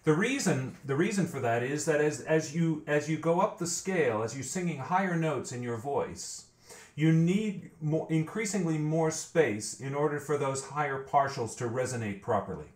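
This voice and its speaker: A man's voice: fairly high pitch, animated, moderate pace, hardly any pauses. Guy giving a singing lesson, repeats himself while he thinks, roomy echo. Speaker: vocal coach. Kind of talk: vocal training tutorial.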